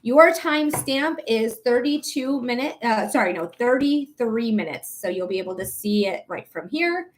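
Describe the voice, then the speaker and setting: Woman host with a Detroit accent, somewhat high, loose and chatty, thinking out loud on a live stream, sleep deprived. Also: animated, moderate pace, few pauses. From Metro Detroit, Michigan. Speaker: psychic reader and livestream host. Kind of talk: casual live-stream chat.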